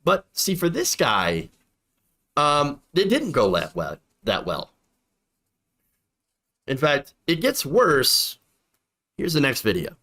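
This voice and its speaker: A man's voice: fairly high pitch, wildly swooping pitch, slow pace, pauses often, bright, forceful tone. A man doing online political commentary, indignant and sarcastic, often repeating himself for emphasis.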